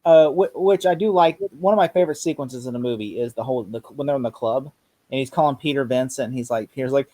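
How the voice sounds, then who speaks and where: A man in casual chat about a horror movie, talking excitedly and acting out lines in voices. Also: mid-range voice, fast. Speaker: co-host discussing a horror movie.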